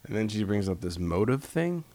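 Very deep-voiced laid-back man. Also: big pitch swings, dark tone. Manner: laid-back, quick agreeing interjections, blunt. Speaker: podcast co-host. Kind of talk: casual chat recapping a reality show.

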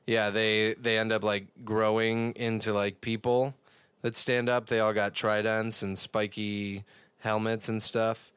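A man's voice: lowish voice, level tone, a little slow, a bit bright, clean tone, no room sound. A young man casually recapping a cartoon episode on a podcast, rambling and swearing with lots of fillers. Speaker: podcast co-host.

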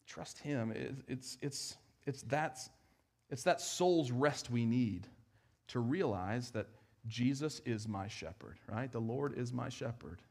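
A man preaching a sermon in church, talking conversationally and swinging from emphatic, raised lines to quiet, hushed ones. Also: medium pitch, slow. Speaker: pastor.

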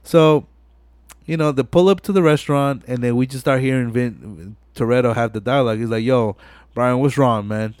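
Animated young man, casual podcast host. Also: medium pitch, fairly quick, no echo. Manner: animated retelling, acting out movie dialogue with heavy profanity. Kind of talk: casual chat.

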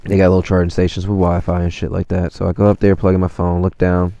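Deep gravelly young guy rambling. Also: completely flat delivery, fast talker, dark tone, no echo, muffled recording. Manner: rambling, slangy, swears a lot. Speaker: traveler telling his story. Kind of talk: casual storytelling.

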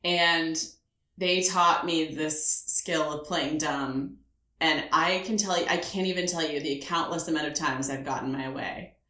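A lower-pitched woman chatting as a podcast co-host, telling stories with lots of laughter. Her voice sits a bit low, and the recording has a roomy echo. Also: unhurried. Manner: animated storyteller, laughs often. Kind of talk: casual chat.

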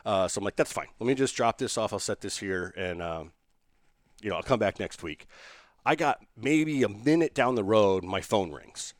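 A man, a business owner telling a lively story in an interview, restarting sentences and acting out the people he quotes. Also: on the low side, normal speed, no room sound, studio quality.

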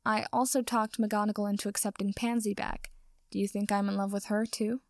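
A woman's voice: medium pitch, little pitch movement, fairly quick, dry recording, studio quality, natural voice. A woman reading as a bewildered young wizard. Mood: puzzled. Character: bewildered earnest young male wizard hero.

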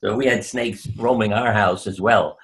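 A man's voice: lowish voice, fairly even intonation, fairly bright tone. Older man telling stories on a call. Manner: anecdotal, unhurried, drops voice for quoted lines. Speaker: guest, doctor. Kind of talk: storytelling interview. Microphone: video call.

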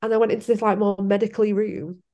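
A woman's voice: medium pitch, level tone, fast talker, warm tone. A young woman, telling her own story in a casual interview, laughing often and acting out what she said back then. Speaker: podcast guest.

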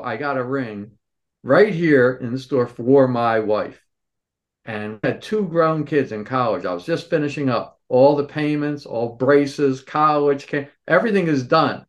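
A man in his sixties, a store owner, telling stories as a podcast guest and acting out the people in them. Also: mid-range voice. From Philadelphia area. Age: 60s. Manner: animated storyteller, acts out quoted voices. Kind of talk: storytelling interview answers.

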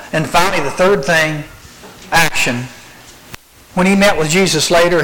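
A middle-aged man preaching a sermon to a youth group, acting out the quoted lines in animated storytelling. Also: on the high side, low-quality recording.

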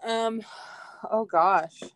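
A woman's voice: fairly high pitch, extremely slow, fairly bright tone, dry recording. A young adult woman guesting on a faith podcast, telling a personal story in an emotional, heartfelt way with many fillers. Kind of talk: casual faith podcast chat.

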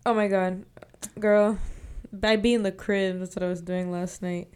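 A woman's voice: medium pitch, flat delivery, normal speed, a little mellow, smooth. A young woman co-hosting a podcast, talking in a laid-back, slangy casual chat. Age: young adult. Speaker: podcast co-host.

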